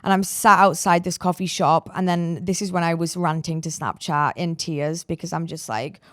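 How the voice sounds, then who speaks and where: A woman's voice: lowish voice, normal speed, few pauses, dry recording. British woman, podcast guest, casual rambling story, lots of fillers, dry close sound. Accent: British English. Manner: rambling, filler-heavy, animated retelling.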